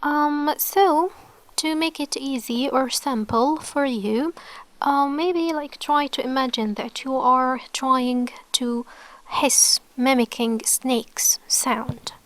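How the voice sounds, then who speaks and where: An Arabic teacher gives an online lesson in a high-pitched, slow woman's voice with no echo. She explains things patiently, often checks in with "okay," and drops into a whisper to model sounds.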